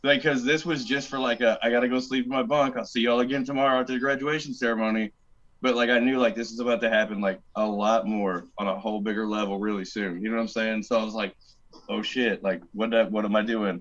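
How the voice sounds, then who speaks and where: A man on a podcast telling casual, animated stories about basic training, swearing a lot and acting out the people he quotes. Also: mid-range voice, quick pace, dull audio. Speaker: podcast guest, army veteran. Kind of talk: casual storytelling.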